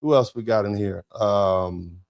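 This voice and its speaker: A man's voice: lowish voice, unhurried, vocal fry, darkish tone. Emphatic male livestream host. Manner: conversational and emphatic, with repeated "you see what I'm saying". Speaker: host of a live show, a lawyer. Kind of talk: livestream talk, thanking viewers and reading chat.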